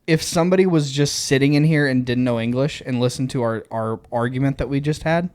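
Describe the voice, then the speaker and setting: A man's voice: mid-range voice, a little fast, darkish tone, no room sound. A man co-hosting a podcast, arguing back in casual chat with an exasperated, teasing manner. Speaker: podcast co-host.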